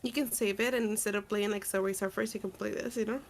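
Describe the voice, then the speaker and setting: A woman co-streaming, chatting casually in an animated, teasing way. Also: medium pitch, fast talker. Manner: animated, teasing, laughs easily. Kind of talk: casual chat.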